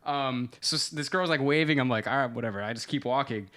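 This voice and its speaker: A man co-hosting a podcast, telling a story in casual chat, animated and swearing freely, acting out what people said. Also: medium pitch, brisk. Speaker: podcast co-host.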